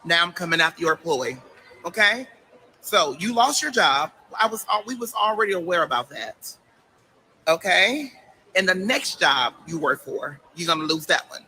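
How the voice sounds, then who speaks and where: A man's voice: high voice, sing-song, moderate pace, sharp tone, a little hiss or hum, low-quality recording. A man on a livestream, issuing warnings and tagging nearly every sentence with a pointed "okay?". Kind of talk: confrontational livestream rant.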